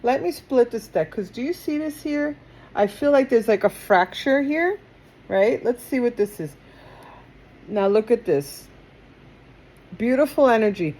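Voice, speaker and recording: A woman's voice: fairly high pitch, expressive, a little slow, long pauses, a little mellow. A woman with a Queens, New York twang talks through a tarot reading. Her delivery is chatty and digressive, drifting into asides before she returns to the cards. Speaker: tarot reader. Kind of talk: casual tarot reading to camera.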